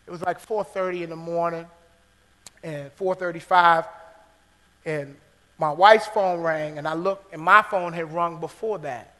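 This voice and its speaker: A man preaching a sermon to his congregation, swinging between loud preaching and hushed near-whispers and calling out "guess what" again and again. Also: fairly high pitch, steady tone, measured pace, in a large hall, low-quality recording. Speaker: pastor. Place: church sanctuary.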